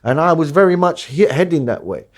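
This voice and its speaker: A man's voice: a little high, sing-song, brisk. Blunt East London man. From East London, England. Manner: blunt, swears freely, mimics people in quotes. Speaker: DJ guest. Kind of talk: candid podcast interview.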